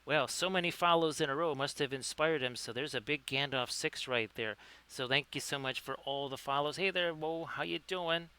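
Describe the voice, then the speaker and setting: A man's voice: fairly high pitch, normal speed, hardly any pauses, sharp tone, clear, resonant tone. A man hosting a live-streamed miniature painting lesson. He talks in a chatty, upbeat way, greets viewers by name and corrects himself as he goes. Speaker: livestream host, painting tutor.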